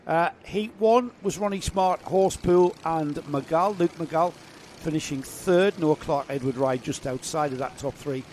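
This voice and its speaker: A man's voice: a little high, a little slow, a little hiss or hum. A man giving live, chatty race commentary that lifts on the action. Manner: chatty, jokey, rising excitement on action.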